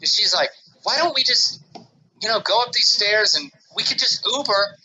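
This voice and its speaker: A man co-hosting a casual podcast talks in a bright, sharp, somewhat high voice that swings widely in pitch. He rambles through his story with restarts and fillers. He bursts into loud reenactments of his own panicked words. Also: normal speed, slight background noise, poor audio. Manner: animated, acts out his own panicked quotes loudly. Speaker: podcast co-host.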